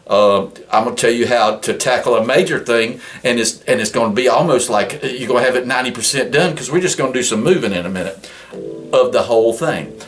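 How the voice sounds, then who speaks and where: A man's voice: medium pitch, fairly quick. Folksy rambling male guitar teacher. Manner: rambling, folksy, restarts a lot. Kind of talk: casual guitar lesson. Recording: guitar loud behind voice. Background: guitar playing.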